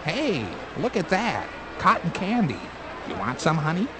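A man's voice: a little high, huge pitch swings, measured pace, noisy background. A young man with an American accent acting a joking, always-hungry newlywed husband in a scripted learner dialogue. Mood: teasing. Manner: joking, wheedling. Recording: music playing behind.

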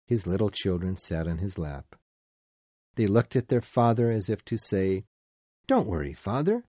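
A man narrating a storybook in a slow, measured, expressive way. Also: low-pitched, no room sound. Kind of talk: storybook reading.

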